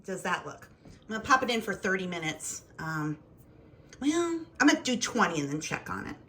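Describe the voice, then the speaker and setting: Woman vlogger, lively up-and-down pitch, chatty and rambling, home kitchen. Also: moderate pace, slightly rough. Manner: rambling, chatty, thinking aloud. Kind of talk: casual home vlog chat.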